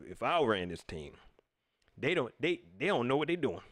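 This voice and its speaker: A man hosting a casual sports talk livestream, ranting at viewers in an animated way and laughing often. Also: medium pitch, moderate pace. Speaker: sports talk show host.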